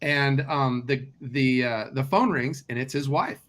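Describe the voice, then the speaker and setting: A man, a guest real estate investor, telling a story in casual conversation and acting out the dialogue with lively delivery. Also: medium pitch, unhurried.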